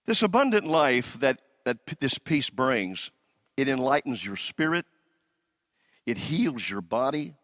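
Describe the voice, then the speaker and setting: A man preaching a sermon with a bright, ringing voice and a very animated pitch that swoops up and down. He repeats his phrases and calls on the congregation to answer back. The sound is close and dry. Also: dry recording. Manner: repetitive call-and-response preaching, leading the congregation. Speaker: senior pastor.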